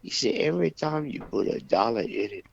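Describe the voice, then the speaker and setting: Radio co-host, male, husky gravelly tone, lively up-and-down delivery, folksy joke teller, muffled lo-fi sound. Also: medium pitch. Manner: folksy, drawn-out storytelling with character dialogue. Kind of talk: telling jokes on a talk radio show. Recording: dull, lo-fi dry radio recording.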